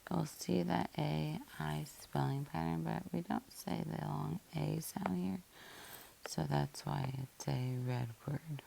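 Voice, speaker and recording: Slow gravelly-voiced woman teaching phonics. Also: low-pitched, fairly even intonation, dark tone, slight background noise. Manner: patient, methodical, spells words out letter by letter. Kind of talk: slow phonics lesson, syllable by syllable.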